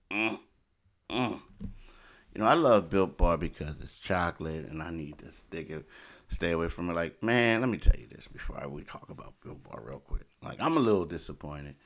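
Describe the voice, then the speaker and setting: A man with a very low voice talks casually on a podcast. He is animated and emphatic, often repeating phrases. He slides loosely between chat and sponsor reads. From Philadelphia. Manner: animated, repetitive, emphatic asides. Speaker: podcast host.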